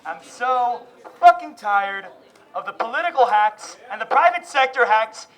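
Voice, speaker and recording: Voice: medium pitch, expressive, measured pace, crowd noise, poor audio. A student delivering a furious, swearing rant at an outdoor campus protest. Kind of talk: angry rally rant.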